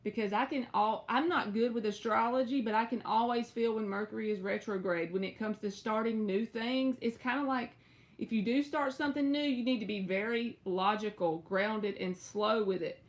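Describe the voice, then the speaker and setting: A young woman with a Southern US drawl chats through a casual live-stream tarot reading. Her voice sits a little high, and she stretches her words and leaps up in pitch now and then. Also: steady tone, normal speed. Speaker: tarot reader.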